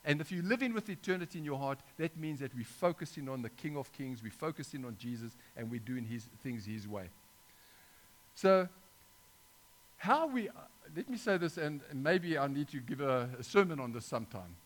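A man's voice: mid-range voice, big pitch swings, normal speed. A middle-aged man preaching an informal sermon, talking conversationally with frequent restarts and asides to his listeners.

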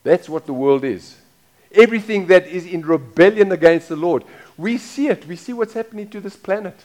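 Man, pastor, high-pitched, casual sermon, repeats himself, asks the crowd questions. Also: expressive, normal speed, a little mellow.

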